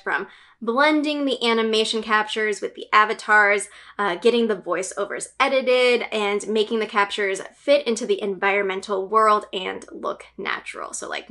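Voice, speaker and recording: This woman hosts a gaming news channel and gives a casual recap as an enthusiastic fan, full of fillers and giggles. Her medium-pitched voice is bright and forceful, and her manner is chatty.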